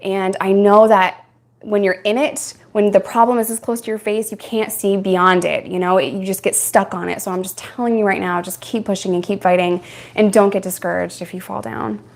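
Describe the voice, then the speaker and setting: A woman's voice: medium pitch, fairly even intonation, moderate pace, vocal fry. A young adult woman from New York, hosting a casual live-stream Q&A and telling stories frankly, with frequent laughs. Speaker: live-stream host answering viewer questions.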